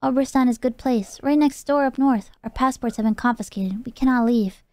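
A woman's voice: on the high side, normal speed, mellow, dry recording, natural voice. A woman reading the lines of a friendly male smuggler from a video game, in choppy broken English.

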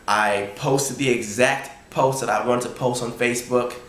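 A young man excitedly retelling a sports story in a casual vlog, acting out his own thoughts. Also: medium pitch, moderate pace, reverberant. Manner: excited, animated retelling with quoted inner thoughts. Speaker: college triple jumper.

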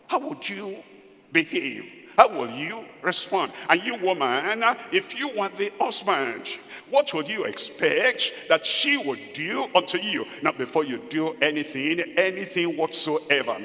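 An older pastor preaches to a congregation, throwing questions at his listeners and acting out what husbands and wives say to each other. His voice is bright and forceful, sitting a little high for a man. It rings with the long reverb of a big hall. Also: sing-song, a little slow. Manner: acts out spouses' remarks in little quoted scenes. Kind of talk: sermon. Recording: long echo of a large hall.

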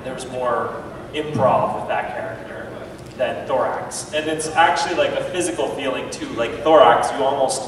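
A man, a voice actor, answering fan questions at a convention panel with animated, laughing storytelling. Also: mid-range voice, normal speed, background noise. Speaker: guest voice actor. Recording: echoey hall from far off. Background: crowd.

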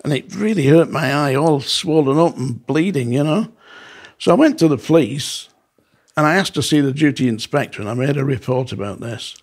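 A man's voice: a little high, normal speed. A man, a former prison officer, telling his stories in a casual podcast chat and acting out the dialogue in them. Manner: animated, acts out quoted dialogue. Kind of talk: casual storytelling.

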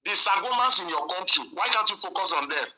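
A man's voice: high-pitched, expressive, fast, bright, forceful tone, low-quality recording. A man calling in, angry and accusing, repeating himself as he argues. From Nigeria. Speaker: caller.

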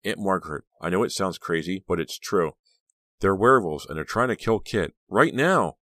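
Man doing a terrified teenage girl, high pleading cries, dry close sound. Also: lively intonation, normal speed, sharp tone, no echo, heavily acted. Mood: desperate. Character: frightened teenage girl, desperate and defiant.

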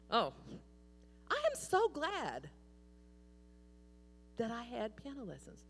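A woman's voice: on the high side, slight background noise. Folksy woman preaching in a big hall. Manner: animated, folksy storytelling. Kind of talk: sermon. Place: church sanctuary. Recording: long church hall reverb.

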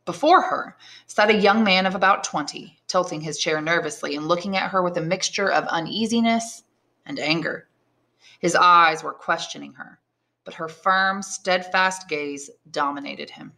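A woman, an English teacher, narrating a novel aloud in a measured, expressive way. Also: lowish voice, vocal fry. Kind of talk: audiobook narration.

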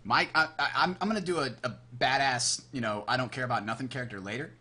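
A man co-hosting a casual gaming podcast, telling animated stories and acting out the lines he quotes. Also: medium pitch, fast talker, husky. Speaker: podcast co-host.

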